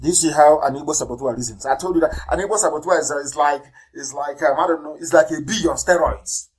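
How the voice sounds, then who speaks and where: A man with a Nigerian accent giving a live radio address, fiery and denouncing. He repeats words for emphasis and swings between loud bursts and low asides. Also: fast, poor audio. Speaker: political leader broadcasting on radio.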